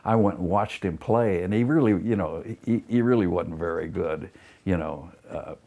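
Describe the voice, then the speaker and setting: Brief: low, husky male guest, animated storyteller, blunt and profane. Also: moderate pace, phone-quality sound. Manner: animated storyteller acting out quotes, many fillers. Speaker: interview guest. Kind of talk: casual storytelling.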